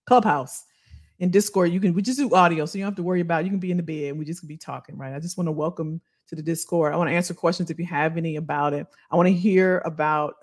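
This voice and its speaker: Woman, career coach, casual livestream chat, laughs a lot, fairly low voice. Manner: chatty, laughs often, addresses viewers as y'all.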